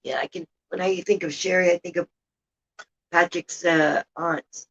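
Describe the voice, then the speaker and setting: A woman's voice: lowish voice, fairly even intonation, unhurried, fairly bright tone, husky, lo-fi sound. An older woman hosting a rambling, casual livestream chat from home, sometimes indignant. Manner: chatty, rambling, indignant about politics. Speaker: livestream host. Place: home room with a heater running.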